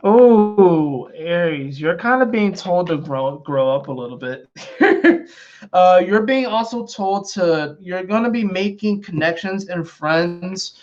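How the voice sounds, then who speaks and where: Guy doing a chatty tarot reading, kinda high voice, rambles a lot, muffled lo-fi sound. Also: lively intonation, takes it slowly, a little mellow. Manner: rambling, conversational, many fillers and repetitions. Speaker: astrology and tarot reader. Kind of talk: casual spoken tarot reading. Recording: dull lo-fi sound.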